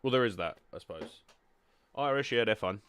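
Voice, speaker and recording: A man's voice: fairly low pitch, lively intonation, a little fast, a bit bright, clean tone. A young man hosting a gaming video, chatting casually and self-deprecatingly with lots of ums. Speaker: gaming channel host. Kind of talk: casual gameplay chat.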